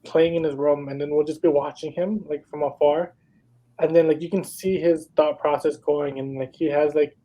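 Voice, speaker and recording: A young man co-hosts a podcast, piling up stories in loose casual chat with endless "like"s. His voice sits fairly high but stays mellow and soft-edged. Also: steady tone, normal speed, poor audio. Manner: rambling storytelling, many "like"s. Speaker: podcast co-host.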